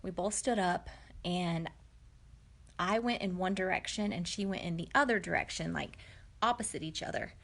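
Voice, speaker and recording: A woman's voice: fairly low pitch, normal speed, vocal fry, fairly bright tone. A woman, telling a personal story to camera in a candid, reflective, chatty way with many fillers. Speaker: vlogger.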